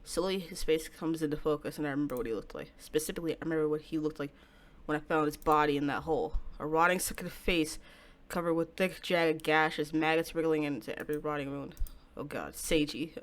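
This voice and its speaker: A woman reading a young game heroine's narration and lines aloud, quiet and steady with flashes of defiance. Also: low voice, brisk, natural voice.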